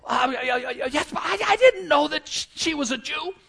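A man's voice: lively intonation, normal speed, gravelly, fairly bright tone, heavily acted. A male preacher voicing a panicked scheming royal official who begs and stammers. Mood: stammering. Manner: stammering, pleading, high-pitched.

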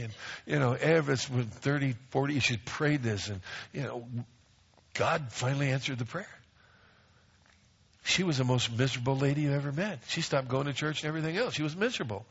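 A man's voice: medium pitch, a little fast, gravelly, a bit bright, breathy edge. A middle-aged man pastor preaching a sermon, emphatic, repeating phrases and acting out quoted voices. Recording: dull lo-fi recording.

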